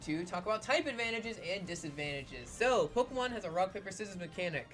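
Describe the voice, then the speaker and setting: A woman's voice: medium pitch, animated, quick pace, a bit bright. A woman hosting a Let's Play, chatting and joking through video game commentary with a sarcastic streak.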